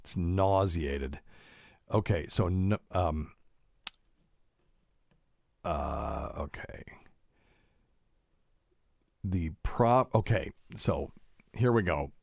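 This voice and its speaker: A man's voice: low voice, animated, drawn-out words, creaky, long pauses, breathy edge, no echo, studio quality. A middle-aged man hosting his own podcast as a doctor, talking casually with lots of fillers and pedantic asides. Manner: rambling, pedantic, many fillers. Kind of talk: casual solo podcast talk.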